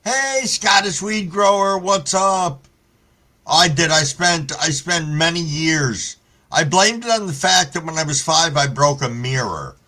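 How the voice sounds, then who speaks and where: Bright-voiced laid-back male streamer. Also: on the high side, unhurried. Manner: laid-back storytelling, heavy swearing; greets viewers by name. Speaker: livestream host reading chat. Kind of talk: casual live-stream chat.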